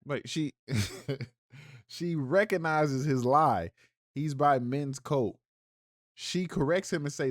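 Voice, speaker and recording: A man's voice: a little high, slow pace, no room sound, clean studio sound. A man hosting reaction commentary on a clip, mocking and incredulous, then delivering preachy rebukes. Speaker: commentator and host.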